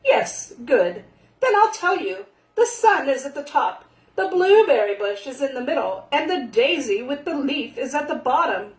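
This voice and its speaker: A woman voicing a timid little female mouse painter, in a high, insistent voice. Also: very animated, moderate pace. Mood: musing. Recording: echoey room.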